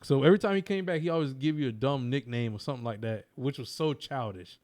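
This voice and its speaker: A man's voice: medium pitch, quick pace, a little mellow. A man co-hosting a casual podcast, ranting emphatically and repeating slang for emphasis. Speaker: co-host.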